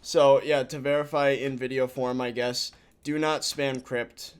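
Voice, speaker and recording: A man's voice: medium pitch, flat delivery, a little slow, clean tone. A young man hosting a voice chat, talking casually with frequent laughs and loose restarts.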